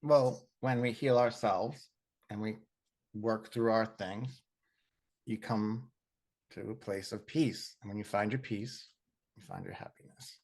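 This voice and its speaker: A man in casual spiritual chat, rambling and animated, with many fillers. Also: lowish voice, slow pace. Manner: rambling and animated, heavy on fillers and acted-out quotes.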